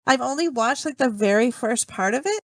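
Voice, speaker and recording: A woman's voice: a little high, animated, fairly quick, fairly bright tone, no echo. A woman co-hosting a casual podcast chat, hesitant and searching for words. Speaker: podcast co-host.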